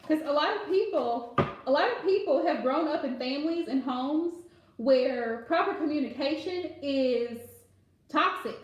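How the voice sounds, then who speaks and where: A woman's voice: high-pitched, lively intonation, moderate pace, darkish tone, muffled recording. A woman giving casual, direct advice to viewers on a live stream, chatty and laughing often, calling listeners pet names. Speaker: live tarot reader answering viewer questions. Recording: very echoey room.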